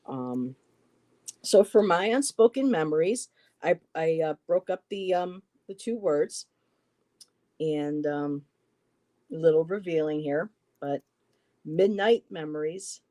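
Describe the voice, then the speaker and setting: A middle-aged man telling a personal story in a halting way, repeating words and quoting what others said. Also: on the high side, expressive, mellow. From western New York, US. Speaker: poetry show co-host.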